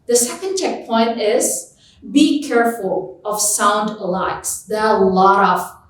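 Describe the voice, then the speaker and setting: Slow, emphatic woman tutor in echoey room. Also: mid-range voice. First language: Indonesian. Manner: slow, emphatic, repeats example words with lively stress. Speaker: English test tutor. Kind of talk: teaching lesson. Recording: echoey room, voice far from mic.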